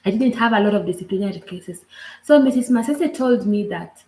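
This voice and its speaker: Kenyan woman telling her own story, earnest and kinda halting, mid pitch, echoey room. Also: animated, darkish tone. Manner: earnest, halting, frequent "like" asides. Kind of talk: personal storytelling. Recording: roomy echo.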